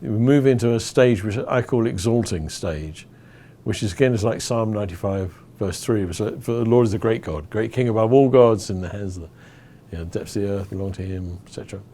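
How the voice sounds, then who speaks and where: A man from England teaching about worship in stages, telling a story with lively acted-out crowd chants. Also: on the low side, a little fast, a little hiss or hum. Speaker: worship leader.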